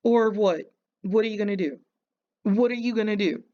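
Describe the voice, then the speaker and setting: A woman's voice: mid-range voice, moderate pace, warm tone, lo-fi sound. A woman hosting a reaction video, mocking and insulting the person on screen with sarcastic commentary.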